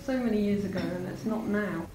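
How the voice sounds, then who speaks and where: A young woman adding laid-back remarks in a casual chat. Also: a little fast. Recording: distant and roomy with rumble.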